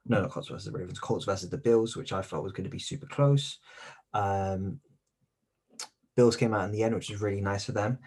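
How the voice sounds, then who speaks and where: Lower-pitched guy with a husky voice, co-hosting a sports chat, teasing, keeps repeating himself. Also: a little fast, a little mellow. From United Kingdom. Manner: teasing, argumentative, repeats words. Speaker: podcast co-host. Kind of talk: casual sports podcast chat.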